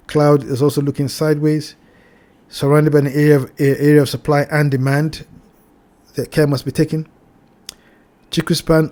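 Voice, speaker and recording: A man hosting a trading channel, walking through price charts in a cautionary tone, repeating his warnings and addressing viewers as ladies and gentlemen. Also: on the high side. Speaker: crypto trading channel host. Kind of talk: chart analysis talk.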